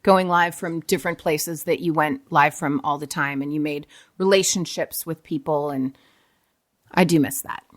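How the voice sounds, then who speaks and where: A woman's voice: low-pitched, steady tone, moderate pace. A woman who used to present morning TV, chatting casually as a podcast guest and poking fun at herself. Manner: chatty and self-mocking. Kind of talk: casual chat.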